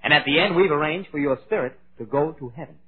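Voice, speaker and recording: Quick eager scheming male ghost. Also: on the high side, breathy edge. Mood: coaxing. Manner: coaxing, eager, stammering. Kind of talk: 1940s radio comedy acting. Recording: tinny old radio broadcast.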